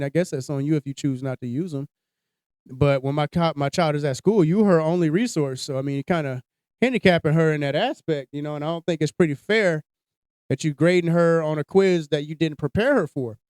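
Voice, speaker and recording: A man's voice: a little high, a little fast, a little mellow, dry recording, clean studio sound. Blunt, profane man telling a story. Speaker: podcast host. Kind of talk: casual chat.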